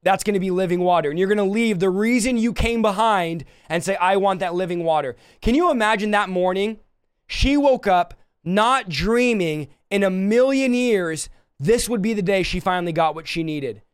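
A man preaching a livestreamed sermon, impassioned, swinging between soft and loud passages. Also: sits high, normal speed, clear, resonant tone, no room sound, clean studio sound.

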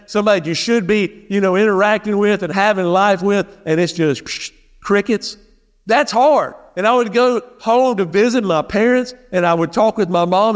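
A man's voice: high-pitched, long reverb tail. A male pastor preaching a sermon in a conversational, emphatic way, often repeating key phrases for weight. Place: church sanctuary.

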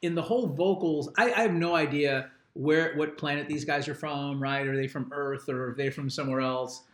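A man's voice: a little high, fairly even intonation, normal speed, a bit bright. An older man, a father and regular panelist on a podcast, musing through an album review in a rambling way, often restarting his sentences. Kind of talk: casual chat, album review. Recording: roomy echo.

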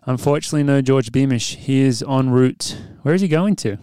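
An Australian podcast host chats casually in laughing, easygoing banter. His mid-range voice is brisk, smooth, and dark in tone, captured in a dry, clean studio recording.

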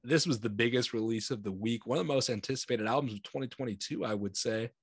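A man's voice: mid-range voice, quick pace, breathy edge, no room sound, clean studio sound. A man with an American accent co-hosting a podcast, talking in a loose, rambling way, laughing often and acting out his own reactions. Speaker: podcast co-host. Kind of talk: casual chat.

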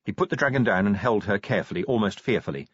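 A man with a low, husky voice narrates an audiobook in a lively, expressive style. His pitch rises and falls a great deal. The recording is dry and somewhat dull. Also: fast talker, no echo. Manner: expressive storytelling with shifting character voices. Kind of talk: scripted narration.

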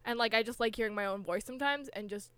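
A woman's voice: fairly high pitch, fast, fairly bright tone, clear, resonant tone, no echo. A young woman co-hosting a podcast, chatting casually and bluntly while she recaps a show. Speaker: podcast co-host.

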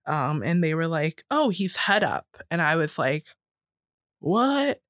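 A woman in her thirties telling a personal story in casual talk, jumping up in pitch when she quotes people. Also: moderate pace, no echo, clean studio sound. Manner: animated, acts out quoted voices higher.

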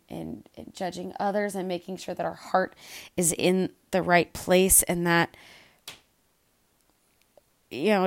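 Gravelly earnest woman podcaster. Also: fairly low pitch. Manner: earnest, repeats words when emotional. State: emotional, quiet and soft-spoken. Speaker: podcast host leading Bible study. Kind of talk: casual devotional podcast talk.

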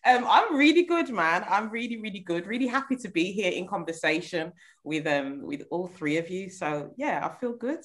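A woman podcast guest with a Birmingham accent, talking in relaxed, easygoing casual chat. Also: fairly low pitch, moderate pace, few pauses.

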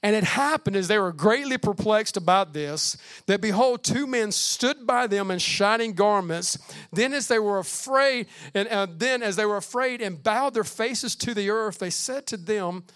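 High-voiced preaching pastor. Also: male voice, clear, resonant tone. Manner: preaching with swings from loud emphasis to hushed, slow delivery; calls out "Amen" between points. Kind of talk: sermon.

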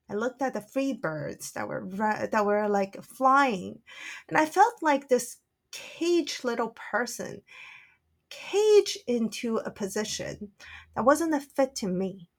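A woman who works as a spiritual channeler, telling a personal story in a soft, earnest way with frequent "like" fillers. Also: fairly high pitch, sing-song, slow pace.

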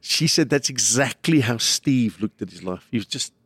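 A man's voice: medium pitch, lively intonation, moderate pace, fairly bright tone, breathy edge, no echo. A comedian, a man, talking in an emotional, rambling way as a podcast guest. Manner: rambling, jumps between thoughts.

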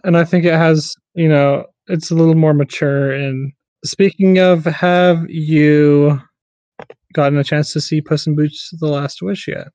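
Measured man co-host, slightly muffled. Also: on the high side, steady tone, darkish tone, smooth, dry recording. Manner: measured, with hesitant restarts. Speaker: podcast co-host. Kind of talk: casual chat.

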